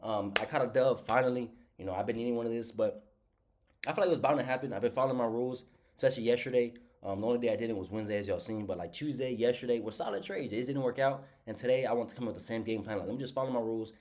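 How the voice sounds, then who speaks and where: A man talks quickly and loosely, calling his viewers y'all and using plenty of slang. His voice sounds stuffed up and congested. He sits at a middle pitch, neither high nor low. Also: a little mellow. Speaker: day trader recapping trades. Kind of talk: casual screen-share trade recap.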